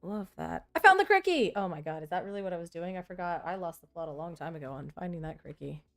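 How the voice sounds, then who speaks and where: A woman vlogger with a low, darkish voice and fairly even intonation chats quickly while sorting trading cards. She thinks aloud, keeps it casual, and often pokes fun at herself.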